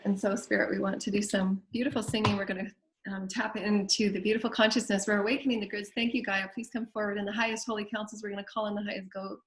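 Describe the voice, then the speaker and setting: A woman's voice: mid-range voice, a bit bright. A woman with a Southern US accent hosting a spiritual show, leading guided affirmations and prayer in a repetitive, incantatory way.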